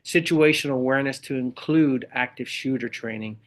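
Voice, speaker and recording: A middle-aged man, a Marine veteran and speaker, telling his stories in an animated, conversational way as a podcast guest. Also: mid-range voice, a little fast. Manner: animated storyteller who acts out the voices of others. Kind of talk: conversational interview storytelling.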